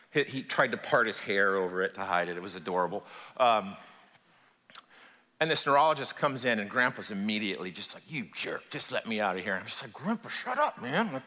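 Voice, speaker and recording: A man preaching as a pastor, telling a personal story in a lively, conversational way and addressing the congregation directly. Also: fairly high pitch. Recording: long hall reverb.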